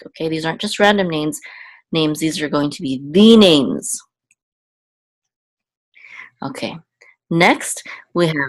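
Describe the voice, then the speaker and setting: Woman, low voice, unhurried teacher, patient, repeats words, dry close sound. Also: fairly bright tone, no echo. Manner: patient, repeats words slowly, frequent okays and ums. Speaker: Hebrew teacher. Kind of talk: slow spoken lesson, spelling out letters and vowels.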